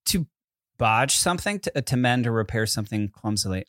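A man's voice: medium pitch, animated, brisk, a bit bright, no echo. A man co-hosting a casual chat, hesitant with many fillers and a dry, sarcastic humor. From United States. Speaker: podcast co-host.

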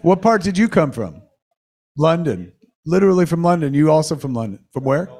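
A man's voice: fairly high pitch, fairly quick. A man hosting a live podcast show in a cinema, bantering with the audience and swearing freely. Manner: excitable, swears freely, quizzes the crowd. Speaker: podcast host.

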